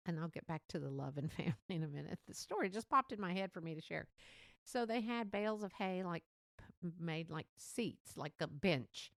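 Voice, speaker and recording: Lady rambling on her podcast, laughs a lot, bouncy pitch, bit of vocal fry, dry close sound. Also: no echo. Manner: rambling, chatty, laughs often, acts out quotes. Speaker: podcast host. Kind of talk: casual monologue.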